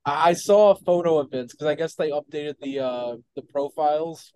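A man's voice: on the high side, moderate pace, dark tone, clear, resonant tone, no echo, rough recording. A man co-hosting a casual wrestling podcast, laid-back and joking, often laughing. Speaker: podcast co-host.

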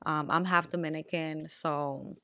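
A woman's voice: sits low, fairly even intonation, unhurried, a bit bright, no echo, clean studio sound. A young Puerto Rican woman, co-hosting a casual podcast chat with lots of ums. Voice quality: raspy. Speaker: podcast co-host.

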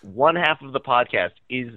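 A man's voice: medium pitch, animated, normal speed, bright, forceful tone, no echo. A man co-hosting a podcast in casual chat, with dry teasing banter. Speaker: podcast co-host. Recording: dry, muffled mic.

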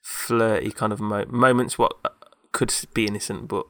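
A man's voice: on the low side, flat delivery, normal speed, no room sound. A man, hosting a casual chat and telling a story in a rambling way, full of fillers. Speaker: podcast co-host.

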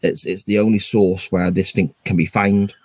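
A man's voice: low-pitched, flat delivery, normal speed, darkish tone, breathy edge, no echo. A man co-hosting a podcast in casual chat, explaining plot points at length. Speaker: podcast co-host.

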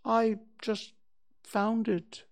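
A man voicing a simple, gentle male teddy bear in a storybook reading, with a slow, mild manner. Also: high-pitched, completely flat delivery, pitched above the performer's own voice, exaggerated voice.

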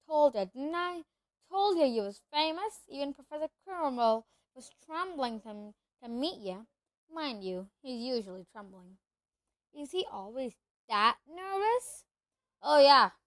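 A woman reading aloud, voicing a big, friendly giant of a man with rough, folksy speech. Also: high voice, animated, measured pace, no echo. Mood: chatty.

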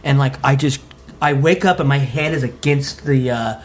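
A man from Utah telling a story on a comedy podcast, animated, laughing and swearing freely. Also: medium pitch, normal speed, slight background noise. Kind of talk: casual storytelling.

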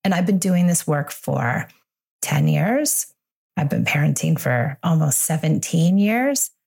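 Woman, 40s, podcast host and parenting coach; candid, reassuring, slightly low-pitched speaking voice. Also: animated, measured pace, gravelly, a little mellow, slightly rough. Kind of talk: solo podcast monologue.

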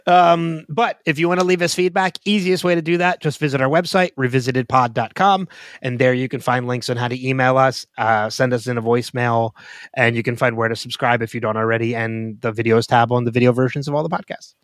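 A man co-hosting a casual podcast, relaxed and laughing easily with plenty of fillers. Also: mid-range voice, fairly quick, dry recording, clean studio sound. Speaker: podcast co-host.

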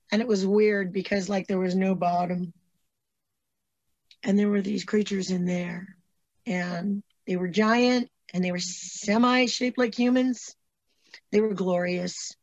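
A woman's voice: mid-range voice, fairly even intonation, a little slow, no room sound. A woman telling a personal story in a rambling, breathless way, with many restarts. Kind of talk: casual storytelling, played as an interview clip. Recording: dull lo-fi audio.

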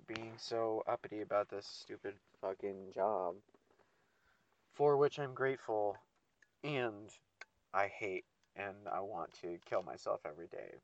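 A man who works seasonally taking mall Santa photos rants casually to his listeners about the job, rambling and swearing a lot. His voice is lowish and darkish, in a dull, dry lo-fi recording.

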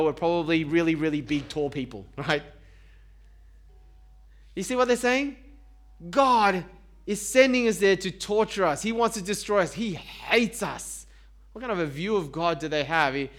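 Male preacher with a high voice; casual, talky sermon with questions to the room. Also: a bit bright. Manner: conversational, asks the congregation rhetorical questions; self-deprecating humor.

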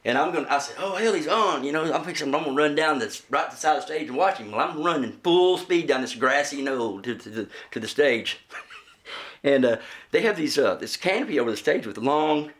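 An Oklahoma man, a guest musician, tells casual stories in a high-leaning, expressive voice that is a little fast and a bit bright. He swears freely and laughs through his own anecdotes. The room echoes, with faint noise underneath.

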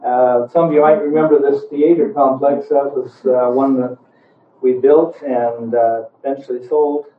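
A man's voice: medium pitch, steady tone, unhurried, slight background noise. An older man giving a talk to an audience, telling folksy, rambling stories with chuckles. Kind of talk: storytelling to an audience. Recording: echoey hall, tinny and distant.

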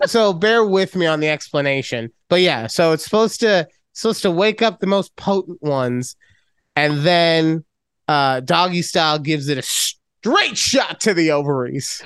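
A man co-hosting a casual podcast, telling a story in a profane and animated way. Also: sits high, clean tone, no echo, clean studio sound. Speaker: podcast co-host. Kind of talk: casual chat.

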